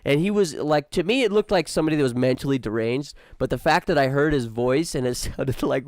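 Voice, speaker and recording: Gravelly, laid-back male podcast host. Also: fairly high pitch, brisk, no echo, studio quality. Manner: storytelling, laid-back, says dude and man. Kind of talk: casual chat.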